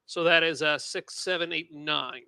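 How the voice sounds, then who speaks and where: A man at a tabletop game, counting his rolls aloud in a relaxed way. His voice is a touch high and gravelly with a bright edge, recorded close and dry. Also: normal speed, no room sound. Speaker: player. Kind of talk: casual tabletop game talk.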